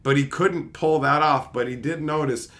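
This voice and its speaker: Host retelling comics, swears a ton, rambling and animated, bit higher voice. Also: male voice, normal speed. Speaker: channel host. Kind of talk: casual comic-book retelling.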